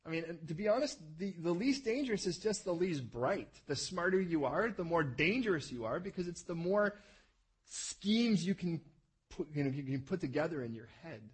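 A middle-aged man preaching a sermon as pastor, telling the story with animated, acted-out scenes. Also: on the high side, normal speed, breathy edge, low-quality recording.

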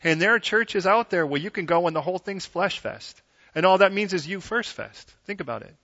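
Male pastor, high bright voice, casual animated sermon, muffled recording with long hall echo. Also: fairly quick. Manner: animated, conversational preaching with acted-out quotes. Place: church sanctuary. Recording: dull sound with long hall reverb.

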